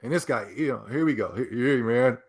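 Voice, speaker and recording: A man's voice: medium pitch, a little fast, a crowd in the background. A man streaming casual commentary, emphatic and sarcastic, rambling as he reacts to a clip.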